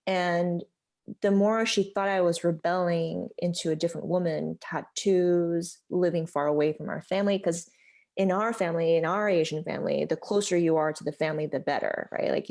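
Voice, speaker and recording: A woman's voice: fairly low pitch, creaky, a little mellow. An American woman in her thirties, a podcast guest telling a personal story in a candid, heartfelt way, full of "like" and "you know". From United States.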